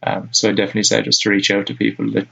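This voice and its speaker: Young Irish male guest, gravelly and husky, low flat delivery, relaxed rambling chat over a dull lo-fi line. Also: racing. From Ireland. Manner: relaxed, rambling with many fillers. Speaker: podcast guest. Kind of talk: casual chat.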